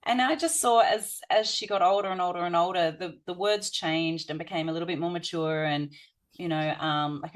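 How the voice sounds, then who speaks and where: A woman with an Australian accent shares stories from her family life. Her voice sits a little low, and she talks in a loose, rambling way, full of "um" and "you know". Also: steady tone, normal speed. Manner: warm storytelling with frequent fillers. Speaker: podcast guest, parenting instructor. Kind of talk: conversational storytelling.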